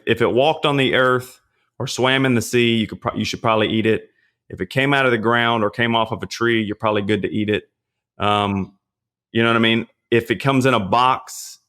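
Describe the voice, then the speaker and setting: A man, a pastor and fitness trainer, talking as a podcast guest and giving casual nutrition advice in a relaxed, chatty way, often checking in with "you know what I mean?". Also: medium pitch. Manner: relaxed, chatty, frequent fillers and rhetorical checks.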